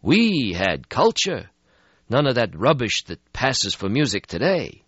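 A man voicing a weary, melancholy ancient male vampire in an audiobook, speaking slowly and mournfully. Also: mid-range voice, very animated, fairly bright tone, husky, no echo, pitched above the performer's own voice, exaggerated voice. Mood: nostalgic. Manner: slow, mournful, world-weary. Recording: slightly muffled lo-fi audio.

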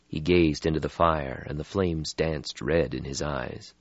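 A man narrating a story as an audiobook reader, in a measured, expressive way. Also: rumbling low, no echo. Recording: slightly muffled lo-fi audio.

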